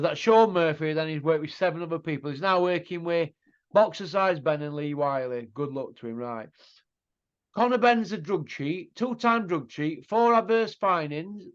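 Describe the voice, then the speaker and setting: A middle-aged man with a slightly high voice, speaking at normal speed, hosts a casual boxing chat. He's a blunt, mocking pundit who piles on rhetorical tag questions, and the audio is muffled and lo-fi.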